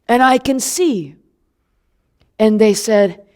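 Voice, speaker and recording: An earnest, indignant man born blind and newly sighted, as a woman tells it in his voice. The storytelling is animated and chatty, full of asides to the listener, with a rather high voice and an unhurried, drawn-out pace. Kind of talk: first-person biblical monologue.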